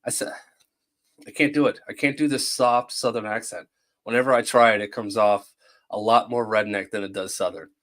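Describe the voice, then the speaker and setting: A man's voice: fairly low pitch, fairly even intonation, fairly quick, a bit bright. A man hosting a livestream, commenting casually and joking while he thanks viewers. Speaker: host.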